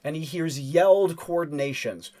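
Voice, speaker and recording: A man narrating as game master of a tabletop role-playing game, easygoing, with halting asides and frequent chuckles. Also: fairly high pitch, dark tone.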